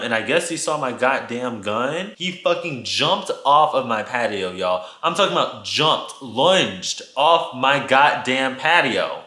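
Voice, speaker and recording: Bright-voiced man telling a dramatic story. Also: medium pitch, slow pace, few pauses, reverberant. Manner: animated, profane, dramatic storytelling addressing viewers. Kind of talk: casual storytime vlog. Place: his apartment.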